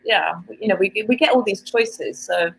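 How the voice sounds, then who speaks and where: A woman guest on a casual video-call interview, an author and artist coach who talks thoughtfully and pauses to find her words. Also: mid-range voice, gravelly, crowd noise, low-quality recording. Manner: thoughtful, searches for words, restarts.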